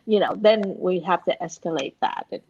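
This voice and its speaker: A woman co-hosting a frank casual chat, laughing often and talking in animated bursts with repeated words. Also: fairly low pitch, brisk, slightly rough, dull audio. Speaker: co-host.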